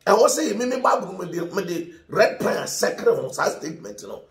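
Ghanaian male pastor, emphatic sermon delivery, high voice, roomy echo. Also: very animated, normal speed, gravelly, a crowd in the background. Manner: mixes Twi and English, emphatic preaching with laughs.

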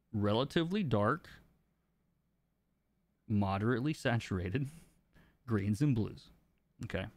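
A man streaming a coloring lesson from his desk, walking viewers through his thinking and answering chat as he goes. His voice is smooth and resonant, and the sound is close and dry with no room echo. He keeps an easy, explanatory manner and chuckles now and then. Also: medium pitch. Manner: relaxed, explanatory, laughs between points. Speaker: comic book colorist and teacher. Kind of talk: live-stream art lesson, reading chat.

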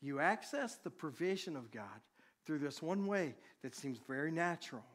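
A man preaching, a pastor telling a personal story to his congregation in a conversational, animated way. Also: on the high side, moderate pace.

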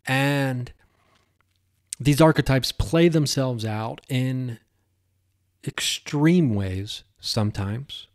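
A man carries a solo podcast in a loose, wandering monologue. His voice sits at an ordinary middle pitch. He drifts from idea to idea, breaks into excited outbursts and laughs at his own tangents. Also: extremely slow, pauses often. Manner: digressive and excitable, with bursts of exclamation and self-mocking asides. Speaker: podcast host.

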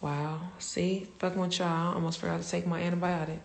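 A woman's voice: lowish voice, flat delivery, a little fast, vocal fry. A young woman casually chatting to her viewers on a phone livestream, swearing freely and calling them y'all. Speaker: Instagram Live host.

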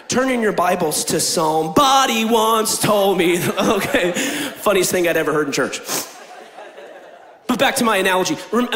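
Animated young preacher in an echoing hall. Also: male voice, high-pitched. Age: young adult. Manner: animated, shifts between loud proclaiming and quiet asides. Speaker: pastor. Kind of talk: energetic sermon with jokes. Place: large church hall. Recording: echoey church hall.

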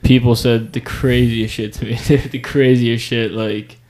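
A man's voice: mid-range voice, measured pace, a loud crowd. A young man, a podcast co-host, telling a story in casual chat and saying "dude" a lot. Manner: animated storyteller, slangy, says "dude" a lot.

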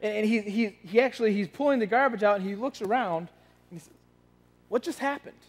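A man's voice: high-pitched, fast. A man pastor preaching a sermon in a conversational storytelling way, often restarting and repeating words. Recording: long reverb of a large hall.

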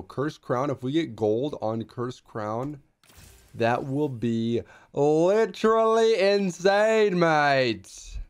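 A young man streaming a strategy game, chatting casually in slang and getting hyped, with squealing jumps when excited. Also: medium pitch. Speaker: gaming streamer. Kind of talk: casual gameplay commentary.

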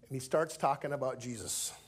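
A male preacher telling a story from the pulpit in an animated way, acting out each character's lines. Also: medium pitch, brisk, husky. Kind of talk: storytelling sermon.

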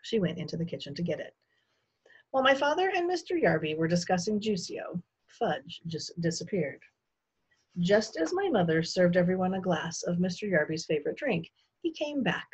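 A woman teacher reading a children's novel aloud in an expressive storytelling manner. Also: fairly low pitch, moderate pace, slightly rough.

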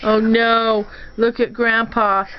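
A woman plays along with a children's make-believe game, mock-scolding and teasing in a sing-song way. The home video sounds muffled. Steady background noise runs under her voice. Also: on the high side, slow. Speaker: family member filming children at play. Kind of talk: playful home video chat. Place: room in a family home.

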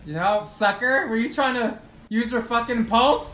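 A man yelling and trash-talking through his gameplay commentary, his pitch leaping up and down as he swears at opponents. His voice is bright and edgy, and it rings in a roomy, echoing space with a faint hiss underneath. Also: animated, normal speed. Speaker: gaming YouTuber. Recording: roomy echo with faint noise.

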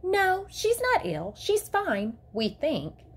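A woman's voice: extremely high pitch, wildly swooping pitch, slow, pitched above the performer's own voice, exaggerated voice. A woman voicing a condescending schoolteacher in a prim, professional tone while reading a story aloud. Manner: superior, professional teacher tone.

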